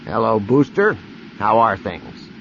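Man voicing a suave broker, calm, modest, dry, audiobook, muffled. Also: on the low side, takes it slowly, a little hiss or hum, full character voice.

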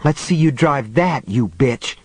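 A man's voice: medium pitch, animated, a little slow, a little mellow, slightly rough, dry recording. A man reading a desperate, determined woman's lines, pleading and breathless. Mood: fierce.

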